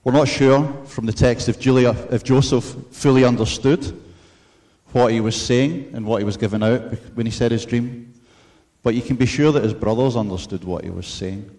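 A man preaching a sermon in an earnest, measured way, mixing in storytelling asides. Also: mid-range voice, a little mellow.

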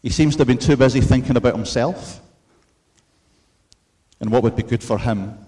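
A man preaching a sermon in an earnest, measured way, mixing in storytelling asides. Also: medium pitch, mellow.

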